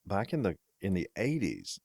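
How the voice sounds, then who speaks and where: American male co-host, very low voice, animated storyteller, dry close mic. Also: normal speed, vocal fry, no echo. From United States. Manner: storytelling, laughs at own anecdotes. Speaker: podcast co-host. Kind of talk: casual chat.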